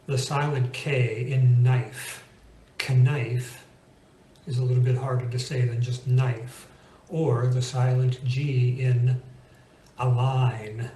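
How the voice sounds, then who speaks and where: A man teaching English pronunciation in a relaxed, chatty video lesson, slowing down to carefully sound out example words. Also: medium pitch, slight background noise. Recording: roomy echo.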